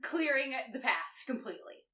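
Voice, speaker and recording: A woman recapping a novel in casual podcast chat, animated, swearing and laughing often. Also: sits high, normal speed. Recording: roomy echo, distant mic.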